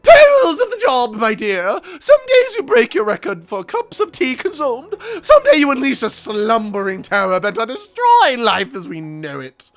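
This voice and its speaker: A man voicing a pompous old gentleman archaeologist in a game, with plummy theatrical exclamations. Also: very high-pitched, huge pitch swings, normal speed, hardly any pauses, pitched above the performer's own voice, full character voice.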